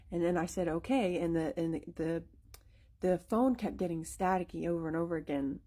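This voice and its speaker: A young woman tells a spooky story from her own life in a loose, chatty way, full of fillers and restarts. Her voice sits a little low for a woman. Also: normal speed, dark tone. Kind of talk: casual spoken storytelling.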